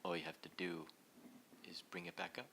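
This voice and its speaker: A man giving an inspirational talk to a live audience, telling a story in a lively way and laughing often. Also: low voice, a little fast, gravelly, a little hiss or hum. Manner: animated, laughing as he acts out the story. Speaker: speaker leading a heart talk. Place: event hall.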